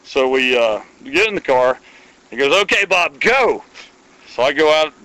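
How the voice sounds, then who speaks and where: A man's voice: medium pitch, normal speed, clean tone, poor audio. Folksy man telling a wild story. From Iowa. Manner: folksy, animated storytelling with quoted dialogue. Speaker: guest storyteller. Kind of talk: casual anecdote telling.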